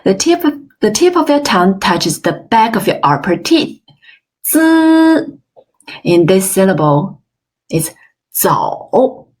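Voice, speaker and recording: A woman teaching an online language class, modeling sounds slowly and with exaggerated tones, praising often. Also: medium pitch, sing-song. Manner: slow, careful, exaggerated tone demonstrations; encouraging, frequent praise. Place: online webinar.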